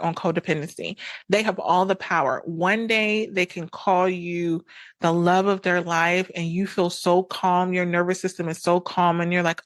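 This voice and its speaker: A woman's voice: fairly low pitch, fairly bright tone, no room sound. A woman hosting an advice podcast, talking frankly and conversationally, repeating phrases for emphasis. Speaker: podcast host and coach. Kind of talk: casual advice monologue.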